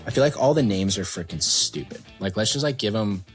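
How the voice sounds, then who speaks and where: A man's voice: on the low side, animated, a little fast, soft background music. A man hosting a podcast in casual chat, rambling with lots of fillers and joking asides. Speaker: podcast host.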